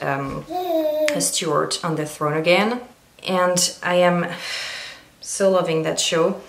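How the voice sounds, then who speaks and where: A woman chatting casually through a makeup tutorial, meandering and filling pauses with ums. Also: fairly low pitch. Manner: chatty, meandering, frequent fillers. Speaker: beauty vlogger. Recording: roomy echo.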